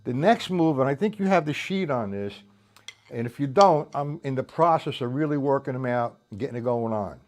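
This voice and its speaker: A man's voice: mid-range voice, expressive, moderate pace. A man teaching drums on a live stream, rambling loosely and counting beats aloud, tired after a night without sleep. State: tired from staying up all night. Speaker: drum teacher. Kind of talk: live-streamed drum lesson. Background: drum kit playing.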